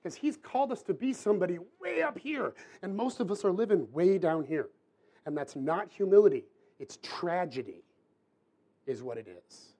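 A man preaching a sermon to a room, in a casual, chatty way with quick asides. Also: high-pitched, big pitch swings, mellow, husky. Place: church hall with audience.

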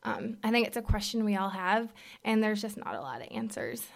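A young woman giving a personal testimony at a faith gathering, speaking candidly and haltingly with many fillers, sometimes dropping to a whisper. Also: medium pitch, lively intonation, gravelly. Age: young adult. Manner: drops to a whisper at moments.

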